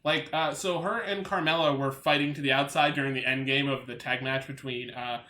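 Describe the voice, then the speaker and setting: A man's voice: medium pitch, fairly even intonation, brisk, sharp tone, roomy sound. A man from Long Island with a light New York accent, co-hosting a podcast in casual chat, rambling and enthusiastic with many restarts. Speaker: podcast co-host.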